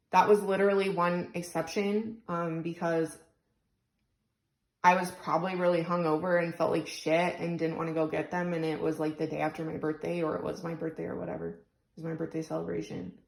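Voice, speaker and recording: A young single mom vlogger talks tearfully into her phone in an emotional vlog, rambling about her frustrations and nearly crying. Her voice is lowish and gravelly, and the rough recording carries a lot of reverb.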